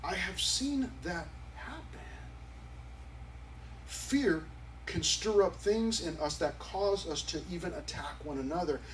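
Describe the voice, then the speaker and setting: A man's voice: sits high, animated, slow pace, distant mic, slight background noise, rough recording. A male pastor preaching a sermon at a youth service in a conversational, emphatic way. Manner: conversational and emphatic, acting out quotes.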